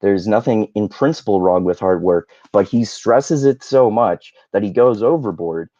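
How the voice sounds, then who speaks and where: A man's voice: on the low side, moderate pace, warm tone, no echo, highs cut off. A man hosting his own channel, chatting casually through a book review with a rambling, self-correcting, wry manner. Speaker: YouTube host.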